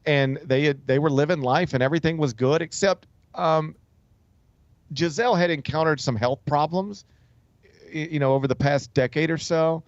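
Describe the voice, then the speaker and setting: A man's voice: fairly high pitch, normal speed, no room sound, dull audio. A male talk show host telling a story in a casual, rambling way, with many fillers and restarts. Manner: loose, rambling delivery full of "like" and "um", with frequent restarts. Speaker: sports radio host.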